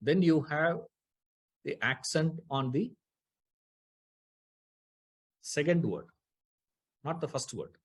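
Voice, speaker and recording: A man's voice: a little high, expressive, measured pace, husky. A man teaching a scripture class, explaining Sanskrit grammar, repeating key terms and putting rhetorical questions to his listeners.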